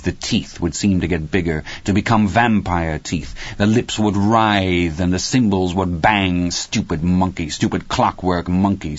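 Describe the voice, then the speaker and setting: A man narrating an audiobook in a measured, steady reading. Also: deep voice. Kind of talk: scripted narration. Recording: dry, slightly muffled studio recording.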